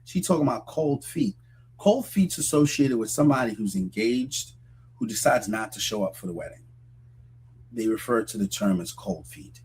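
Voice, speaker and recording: A male host talks to his listeners in measured, moralizing commentary. His voice is husky and sits at an ordinary middle pitch. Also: darkish tone. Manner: measured, moralizing, direct address.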